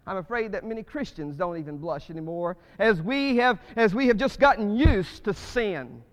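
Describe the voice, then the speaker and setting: A male pastor preaching a sermon, swinging between loud, fervent rises and hushed drops. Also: high voice, expressive, normal speed. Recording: muffled reverberant church recording.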